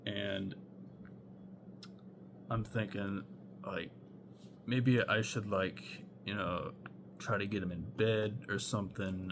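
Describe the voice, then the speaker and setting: Young man, low voice, rambling casual storyteller, swears a lot; faint hum underneath. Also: fairly even intonation, slow, creaky, long pauses. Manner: rambling, heavy on fillers and swearing.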